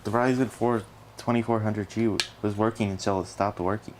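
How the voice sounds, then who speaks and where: A man's voice: lowish voice, steady tone, normal speed, slight background noise. A man casually chatting and teasing a friend while helping build a computer. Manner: teasing, dry remarks.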